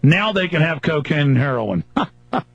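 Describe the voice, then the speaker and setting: A man's voice: a little high, sing-song, normal speed, creaky, a bit bright, no room sound. A man hosting a talk radio show, ranting angrily and mockingly in long emphatic lists. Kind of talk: angry political radio rant. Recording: dull lo-fi radio broadcast.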